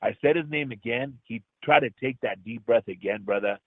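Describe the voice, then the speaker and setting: A man of middle pitch speaks earnestly and from the heart as a guest, often calling the host brother. His voice comes through a thin, tinny phone line with no room sound at all. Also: a little fast, dry recording. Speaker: guest, actor. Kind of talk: emotional personal storytelling in an interview.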